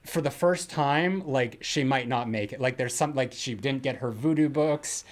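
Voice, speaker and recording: A man's voice: medium pitch, normal speed. An American man co-hosting a podcast, talking in long rambling thoughts full of "like" and restarts. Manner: rambling, many fillers and restarts. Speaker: podcast co-host. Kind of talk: casual chat.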